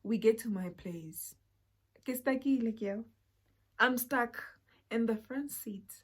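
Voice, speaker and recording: A young woman with a South African accent telling a personal story in a casual, animated way, sometimes dropping to a whisper. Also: fairly high pitch, takes it slowly. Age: young adult. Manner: animated, drops to a whisper for asides. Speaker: vlogger.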